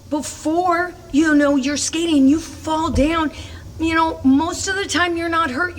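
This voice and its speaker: A woman's voice: high voice, fairly bright tone, recorded from a distance, slight background noise. A middle-aged woman coaching parents on teaching kids to roller skate, upbeat and emphatic, breaking into chanted cheers. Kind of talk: instructional talk to parents. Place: roller rink.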